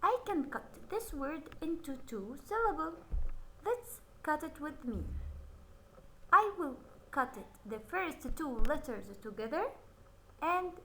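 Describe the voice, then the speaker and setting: Slow, lively-voiced woman phonics teacher. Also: high voice, slight background noise, rough recording. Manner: slow, drawn-out word modelling with frequent cheerful praise. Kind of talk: phonics lesson for children.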